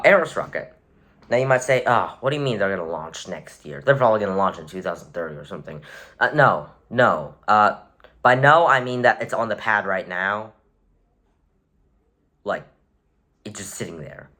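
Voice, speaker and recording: A man's voice: fairly low pitch, a bit bright. A man giving casual, rambling commentary as a vlogger, with wry sarcastic asides and frequent self-corrections. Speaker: vlogger rating rockets. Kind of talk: casual tier-list commentary.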